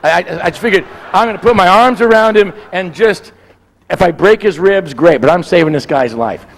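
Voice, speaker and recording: A man's voice: high voice, a little fast. Rambling storyteller man in a reverberant room. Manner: rambling, digressive, acts out voices and sounds. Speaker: guest storyteller. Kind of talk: animated anecdote telling.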